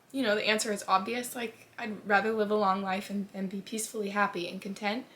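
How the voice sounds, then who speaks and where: A woman's voice: medium pitch, pushed and bright. A young woman talking casually to camera about favorite books, gushing and emotional, swearing freely and trailing off into restarts. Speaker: book vlogger.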